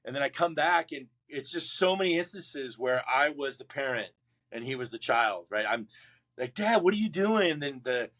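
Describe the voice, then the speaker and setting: A man's voice: medium pitch, normal speed. A middle-aged man, a Marine veteran guest, telling his life story in an interview, acting out the voices of people in it. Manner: animated, acts out quoted voices, frequent restarts.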